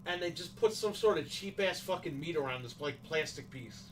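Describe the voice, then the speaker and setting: A man rants in casual livestream chat, swearing freely and hammering his complaints home. His voice sits somewhat high. He sounds a little set back from the microphone. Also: expressive, moderate pace, recorded from a distance, slight background noise, low-quality recording. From New York, USA. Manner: profane, ranting, emphatic complaints. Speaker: livestream host.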